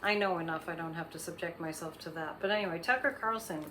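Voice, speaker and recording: A woman's voice: on the low side, fast, bright, forceful tone, a little hiss or hum. A woman hosting her own show, giving psychic readings in a rambling, casual monologue full of fillers and restarts. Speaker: psychic host.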